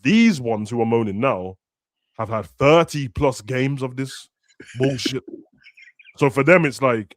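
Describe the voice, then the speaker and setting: Animated young man ranting. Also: medium pitch, a little slow, dry recording. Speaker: football podcast host. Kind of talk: casual chat.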